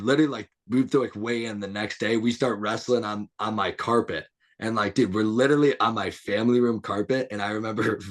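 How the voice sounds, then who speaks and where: A young man with a low, slightly husky voice tells rowdy anecdotes on a podcast. He is loose and profane, and he keeps laughing through his own stories. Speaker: podcast guest. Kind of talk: casual storytelling chat.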